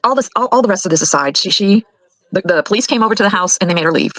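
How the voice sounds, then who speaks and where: Older woman, grandmother, indignant, worked up, rapid talk, dry close mic. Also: mid-range voice, expressive, fairly bright tone, no room sound, low-quality recording. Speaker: grandmother telling her side. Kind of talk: emotional recorded account.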